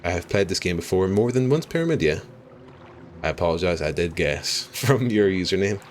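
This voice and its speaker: Low-voiced Irish man streaming a game. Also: expressive, a little fast, slight background noise. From Ireland. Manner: chatty, laughs often, apologetic. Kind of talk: live gameplay commentary chatting with viewers.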